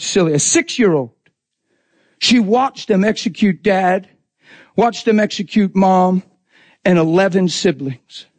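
A man's voice: high voice, darkish tone, no echo. A man preaching a sermon in an intense, conversational way, acting out quotes as he goes.

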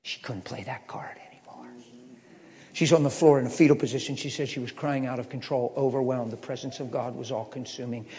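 A man preaching a personal story, swinging from hushed asides to loud emphatic lines. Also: medium pitch, fairly even intonation, a little fast. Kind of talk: storytelling sermon. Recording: long hall reverb.

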